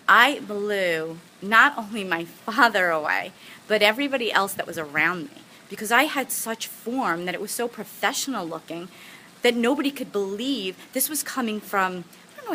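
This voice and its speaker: A woman's voice: medium pitch, bright, forceful tone, slight background noise, rough recording. A woman giving a motivational talk to camera, telling personal stories in an earnest, heartfelt and encouraging way. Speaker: motivational speaker.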